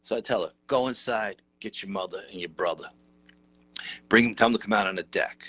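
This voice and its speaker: A middle-aged man, telling a story as an interview guest in a lively, casual, rough-edged way. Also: lowish voice, fairly quick. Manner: animated, conversational, rough-edged. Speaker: interview guest, paranormal researcher.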